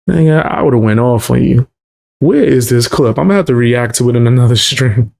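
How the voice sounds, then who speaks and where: A man's voice: mid-range voice, a little fast, gravelly, darkish tone. A man streaming his reactions to a clip, talking bluntly and mockingly with lots of swearing. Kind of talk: casual reaction commentary.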